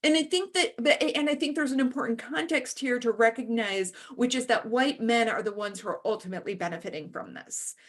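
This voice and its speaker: Woman, panelist, fairly high voice, candid, storytelling, panel discussion. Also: fairly quick, few pauses. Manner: candid storytelling, shifting voices for quoted people. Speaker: panelist and author.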